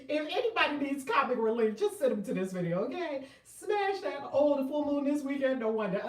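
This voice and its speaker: A woman hosting a tarot video, chatting casually to her viewers and often breaking into loud laughter. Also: high voice, normal speed, reverberant, distant mic. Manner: animated, laughing loudly, exclaiming often. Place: room at home.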